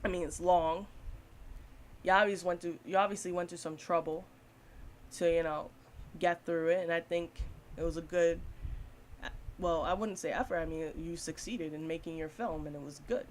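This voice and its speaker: A woman's voice: fairly low pitch, fairly even intonation, normal speed, pauses often, a little hiss or hum. A woman giving a casual, blunt spoken film review, swearing freely and laughing often.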